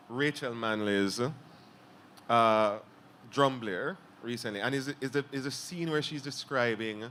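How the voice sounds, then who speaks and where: A man's voice: mid-range voice, a bit bright, slight background noise. A man with a Jamaican accent interviewing a writer, thoughtful, laughing easily and framing long questions. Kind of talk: conversational interview at a literary event.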